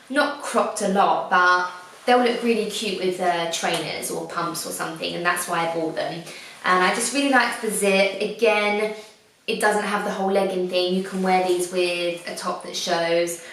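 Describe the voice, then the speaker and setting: A woman's voice: lowish voice, steady tone, normal speed, a bit bright, recorded from a distance. Chatty woman in an echoey room. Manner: chatty, enthusiastic, rambling with restarts. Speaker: fashion vlogger. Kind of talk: casual haul review. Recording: very echoey room, away from mic.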